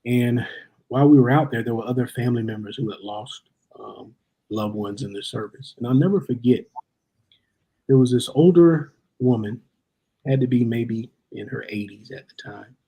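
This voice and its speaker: With a medium-pitched voice, a breathy edge, and a moderate pace, a man who serves as guest chaplain shares personal stories conversationally. He's an animated storyteller who performs the quotes.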